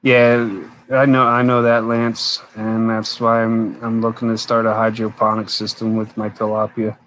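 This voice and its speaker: A man's voice: lowish voice, monotone, normal speed, a bit bright, slight background noise, poor audio. A man hosting a casual late-night live stream, rambling, answering viewers' comments, tired and yawning. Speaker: homesteader live-stream host.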